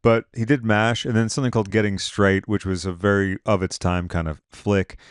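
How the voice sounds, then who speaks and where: A man's voice: fairly low pitch, steady tone, fairly quick, clear, resonant tone, no room sound. A man hosting a film podcast, giving dry, wry rundowns of an actor's filmography in casual chat. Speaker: podcast host.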